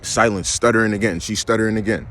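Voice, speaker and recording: A man's voice: lowish voice, steady tone, fast talker, a bit bright, slight background noise. A young man, ranting emphatically and repeating himself in a vlog. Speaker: vlogger. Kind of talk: ranting monologue.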